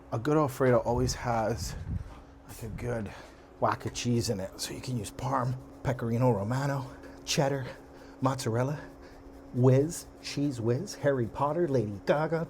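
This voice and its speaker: A man hosting a casual cooking show, who talks through a recipe in a playful, jokey way and riffs off the dish as he goes. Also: on the low side. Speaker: host and cook. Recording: audible background noise.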